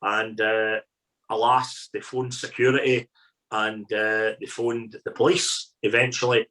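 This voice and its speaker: A middle-aged Scottish man, a podcast guest telling colloquial, lively stories as a food critic. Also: fairly low pitch, unhurried, low-quality recording. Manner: colloquial, animated raconteur. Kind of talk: anecdotal storytelling.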